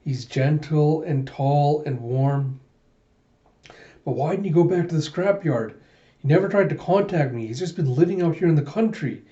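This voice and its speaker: Man reading as a fiery young cyborg girl, flustered outbursts, mellow tone, dull lo-fi sound. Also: on the high side, moderate pace, lightly acted. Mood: earnest. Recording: dull lo-fi recording.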